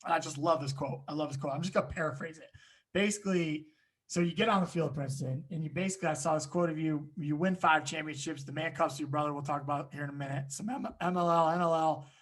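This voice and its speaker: A man with a somewhat high voice hosts a relaxed podcast, and he is also a lacrosse coach. He asks questions eagerly and chats easily, laughing as he goes, and he sounds keen to hear the answers. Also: fast talker. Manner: eager, chatty questioner who laughs often. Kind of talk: casual podcast interview.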